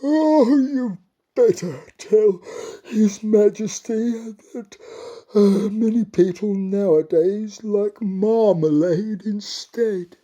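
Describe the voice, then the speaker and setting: A man's voice: high-pitched, takes it slowly, mellow, pitched above the performer's own voice. A man voicing a sleepy, fickle female dairy cow in a storybook reading. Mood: sleepy, coaxing.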